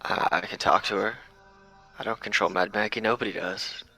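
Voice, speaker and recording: A man's voice: lowish voice, steady tone, normal speed, bright, forceful tone, husky, faint music behind, rough recording. A man playing his character in a tabletop game, blunt and insistent with a wry edge. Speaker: player.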